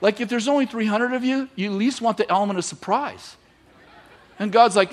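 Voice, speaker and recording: A man preaching a sermon, retelling stories with lively acted-out dialogue and laughter. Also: high voice, fairly quick. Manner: animated, acts out biblical characters with voices and laughs. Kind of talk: sermon storytelling.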